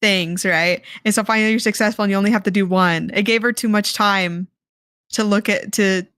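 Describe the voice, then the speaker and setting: A woman streaming, casually reacting to a video, frank and quick to laugh and swear. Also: mid-range voice, steady tone, fairly bright tone, clean tone, no echo, studio quality.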